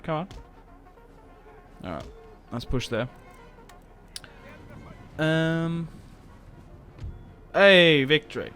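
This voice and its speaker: A young man talks his way through a strategy game in a loose, rambling style, now and then breaking into excited yelps. His voice sits a little on the high side. Faint game music plays underneath. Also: extremely slow, long pauses. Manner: chatty, rambling, self-mocking with sudden excited outbursts. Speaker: gaming YouTuber. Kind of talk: casual Let's Play commentary.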